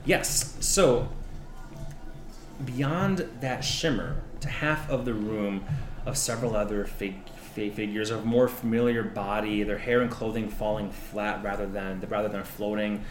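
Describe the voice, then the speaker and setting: A man's voice: lowish voice, unhurried, echoey room. A man narrating a tabletop game as game master, rambling with lots of restarts and fillers.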